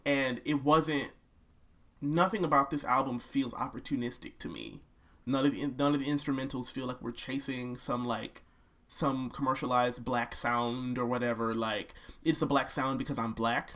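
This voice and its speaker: A man's voice: mid-range voice, normal speed. A young man chatting casually about making his album, telling stories animatedly and humming melodies as he goes. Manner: animated storyteller who hums melodies mid-sentence. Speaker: singer discussing his album. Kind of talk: casual chat.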